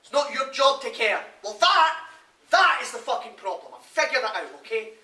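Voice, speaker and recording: An actor playing a frustrated prison officer, speaking emphatically to the audience. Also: male voice, extremely high pitch, sing-song, moderate pace, sharp tone, exaggerated voice. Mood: insistent. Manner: emphatic, insistent, addressing an audience. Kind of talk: theatre monologue. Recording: live stage, roomy, from far off.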